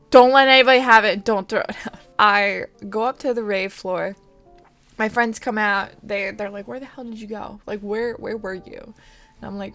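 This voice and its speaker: A woman vlogger tells a rambling story-time tale in a loose, chatty way. She swears freely and drops to a whisper when quoting herself. Soft music plays faintly underneath. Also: mid-range voice. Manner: chatty, swearing, laughing storyteller who whispers quoted asides.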